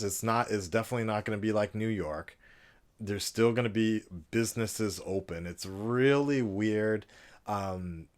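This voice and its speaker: A man talking frankly in a casual vlog, rambling with frequent fillers. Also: low voice. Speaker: vlogger and teacher.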